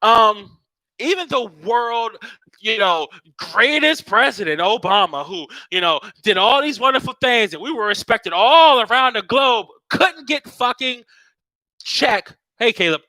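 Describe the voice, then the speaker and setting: A man with a very high voice launches into a casual political rant at a measured pace, swearing constantly and mocking others in put-on voices. The recording is low quality with no echo.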